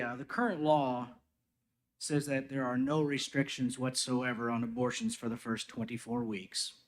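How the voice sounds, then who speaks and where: A man, a state representative, putting formal, pointed questions to a witness at a committee hearing. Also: mid-range voice.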